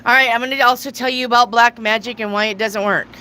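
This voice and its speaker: A woman's voice: a little high, fairly even intonation, fast talker, pushed and bright, a little hiss or hum, rough recording. A woman hosting a live tarot reading and answering viewers' questions in a blunt, casual way, with some swearing. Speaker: tarot reader.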